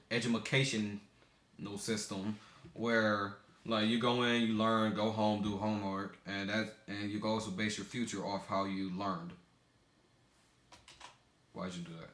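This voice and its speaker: A man's voice: lowish voice, sharp tone. A young man from the United States, rambling casually in commentary, often stumbling and correcting himself mid-sentence. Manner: rambling, self-correcting, stumbling over words. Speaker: video maker. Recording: echoey room.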